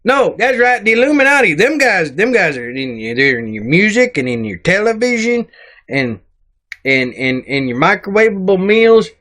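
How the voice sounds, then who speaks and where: A man's voice: sits high, sing-song, normal speed, a bit bright. A man voicing a cranky, crude male dwarf sidekick who rambles, mocks and talks in rustic grammar. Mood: grumpy. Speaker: sidekick reading comments. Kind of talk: comedic comment reading.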